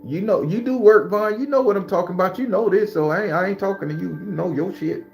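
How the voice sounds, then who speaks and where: A tarot reader hosts a live stream, chatting casually and profanely with viewers, laughing often and drifting into preachy pep talks. His voice sits high and fast with vocal fry, over soft background music.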